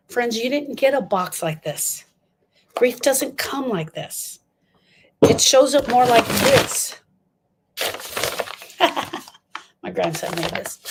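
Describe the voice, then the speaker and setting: A woman's voice: on the high side, slight background noise. An older woman giving an impassioned talk on grief, emphatic and repeating lines for stress as she speaks straight to her listeners.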